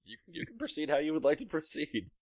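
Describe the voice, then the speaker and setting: A man's voice: a little high, big pitch swings, quick pace, darkish tone, dry recording, highs cut off. Male game master describing a scene. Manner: descriptive, amused, laughs often. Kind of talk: narrating a tabletop game.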